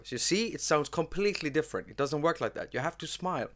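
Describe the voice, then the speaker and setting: A man's voice: fairly high pitch, sing-song, fast, hardly any pauses, a bit bright. A man hosting a casual live stream, rambling with many fillers and restarts as he talks about his gear. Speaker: host.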